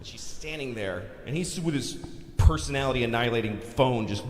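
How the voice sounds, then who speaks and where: A middle-aged man doing a stand-up comedy routine on a large theater stage, telling stories with lively voices and shouted punchlines. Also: medium pitch, normal speed, slight background noise. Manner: animated storytelling, acting out voices, shouting punchlines. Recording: live hall recording with crowd laughter. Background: audience laughter.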